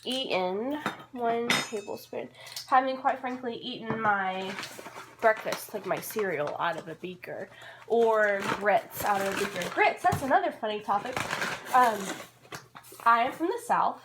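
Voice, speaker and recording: A young vlogger from Georgia, USA, chats casually while baking, bubbly, rambling and poking fun at herself. Though she's from the American South, she has no Southern accent. Her voice is fairly high with lively intonation and a measured pace, and there's background noise.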